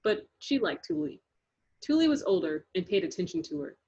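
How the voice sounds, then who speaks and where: A woman narrating a children's chapter book aloud in a lively, rhythmic reading. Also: fairly low pitch, normal speed, husky. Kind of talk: storybook read-aloud. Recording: dull lo-fi recording.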